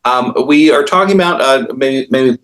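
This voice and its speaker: A man's voice: medium pitch, moderate pace, fairly bright tone. A man who is a comic book artist, chatting casually in an interview and telling rambling stories with many fillers and restarts.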